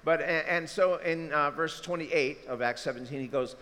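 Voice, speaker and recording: A man preaching a conversational sermon as pastor, acting out the people he quotes. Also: moderate pace. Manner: conversational, acts out quotes with lively pitch swings. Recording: reverberant hall, faint background noise.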